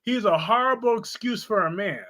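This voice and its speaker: A man with a very high, bright and sharp voice chats on a live stream. He talks in a sassy, expressive way and answers his chat as he goes. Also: moderate pace.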